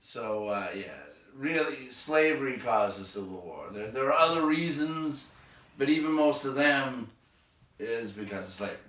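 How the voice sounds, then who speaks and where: Wry Boston teacher reading aloud. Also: male voice, mid-range voice, lively intonation, normal speed, a bit bright, recorded from a distance, slight background noise. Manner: wry, sardonic asides. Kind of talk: reading a textbook aloud with asides. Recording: echoey room, voice off-mic.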